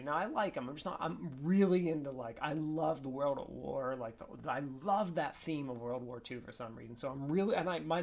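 An upbeat man chats to a webcam at his desk in a loose, rambling vlog. He strings thoughts together with fillers and keeps circling back to fix his own sentences. His voice is mid-pitched and his manner is casual. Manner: rambling, upbeat, lots of fillers and self-corrections. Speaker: esports coach and vlogger. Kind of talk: casual vlog talk to camera.

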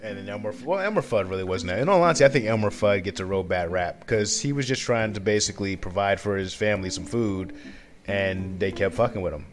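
A man's voice: on the low side, fast, soft background music. A man co-hosting a podcast, chatting casually in a blunt, profane way. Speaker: podcast co-host. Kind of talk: casual chat.

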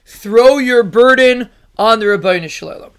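A man giving a daily inspirational Torah talk, earnest and repetitive, chanting scripture verses slowly. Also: very high-pitched, fairly bright tone, smooth. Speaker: Torah teacher.

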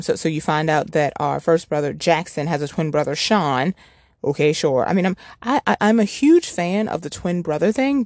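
A woman's voice: low-pitched, darkish tone, dry recording, studio quality. A woman hosting a book review podcast, chatting casually and rambling with many restarts and rhetorical questions.

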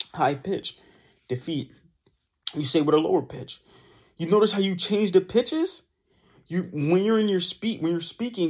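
Excited motivational young man podcasting. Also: a little high. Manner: enthusiastic, motivational, repetitive sayings. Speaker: podcast host. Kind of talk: casual solo podcast talk.

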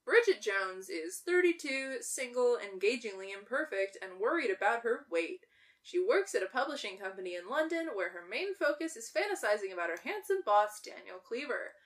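Woman, casual movie recap, sarcastic, swears a lot, highish voice, off-mic. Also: very animated, moderate pace, distant mic. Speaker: podcast co-host.

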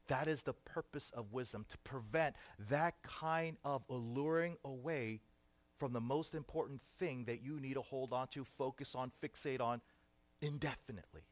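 Animated male pastor preaching a sermon. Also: mid-range voice. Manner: animated preaching with dramatic swings in loudness.

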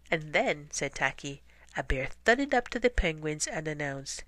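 Slow, soft-spoken woman reading a storybook. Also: low voice, sing-song, dry recording. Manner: soft, often half-whispered, unhurried. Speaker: storybook reader. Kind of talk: children's story read-aloud.

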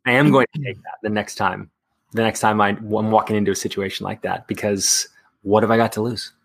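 A man's voice: lowish voice, fairly even intonation, fairly quick, gravelly. A man from Texas, an actor, chatting candidly in an interview with many fillers and restarts. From Texas, USA. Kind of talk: casual interview chat.

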